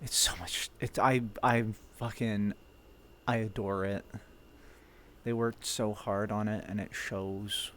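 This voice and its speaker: A man's voice: fairly low pitch, fairly even intonation, slow, fairly bright tone, a little hiss or hum. A man streaming a roleplay game, chatting casually and swearing freely. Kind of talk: casual chat between roleplay scenes.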